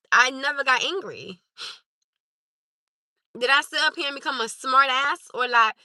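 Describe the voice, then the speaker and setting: A woman's voice: high voice, bright, forceful tone, dry recording. A woman hosting a live stream, talking to her chat in an emphatic, insistent way and repeating her points. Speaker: livestream host.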